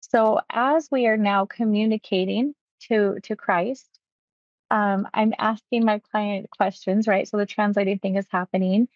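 A woman hypnotherapist recounting a client's session, talking quickly and acting out quotes. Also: mid-range voice, no room sound, lo-fi sound. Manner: quick, animated retelling with acted quotes. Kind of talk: storytelling about a client session.

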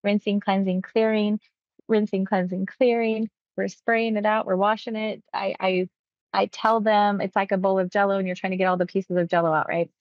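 A woman's voice: mid-range voice, normal speed, no room sound. Woman telling a client story, dry lo-fi sound. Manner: animated retelling, acting out quoted speech. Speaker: hypnotist. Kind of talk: casual storytelling about a client session.

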